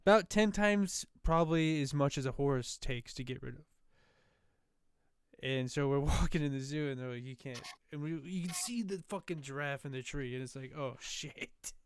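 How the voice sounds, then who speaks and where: A young man tells stories in easygoing chat, his voice smooth and resonant. The sound is dry and close, with no room around it. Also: on the high side, moderate pace, no echo. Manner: easygoing and profane storyteller. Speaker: podcast co-host. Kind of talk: casual chat.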